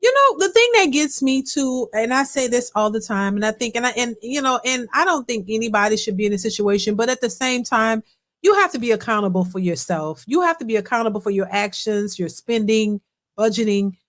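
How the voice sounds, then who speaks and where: A woman hosting a live reaction stream gives casual commentary in a slightly high, expressive voice at a fairly quick pace. She speaks emphatically, repeats herself often, and talks directly to her chat.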